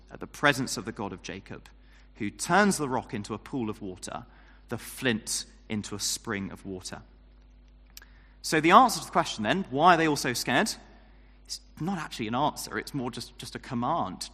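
A man's voice: mid-range voice, lively intonation, normal speed, bright, forceful tone. Man, preacher, casual sermon, fillers, mock-taunting asides, long reverb. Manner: conversational, many fillers, lapses into mock-taunting quoted voices. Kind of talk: sermon on a psalm.

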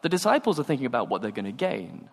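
A man preaching a sermon, telling stories and acting out the dialogue with animated energy. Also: mid-range voice, quick pace. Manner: animated storytelling, acts out dialogue. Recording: long hall reverb.

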